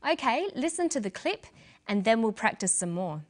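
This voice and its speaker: A woman's voice: a little high, very animated, normal speed. Woman teaching English pronunciation. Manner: clear, carefully paced teaching delivery. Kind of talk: scripted instructional narration.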